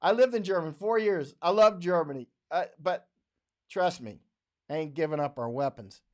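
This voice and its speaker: An American man with a slightly high voice, speaking at normal speed, reads viewer comments aloud on a studio microphone during a casual livestream. His style is blunt and rambling, with frequent laughter and mocking voices whenever he quotes someone.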